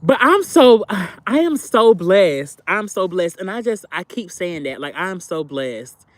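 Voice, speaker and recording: High-pitched guy streaming live, aave, repeats himself a lot, talks to chat like sister, baby, super dry sound. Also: very animated, unhurried, no room sound. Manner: talkative, repeats phrases, addresses viewers as sister and baby. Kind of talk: casual livestream chat with viewers.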